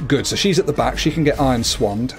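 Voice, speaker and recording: With lively intonation and a fast pace, a man livestreaming a game keeps up playful, chatty commentary against soft background music. He often coos at his cat in a high voice.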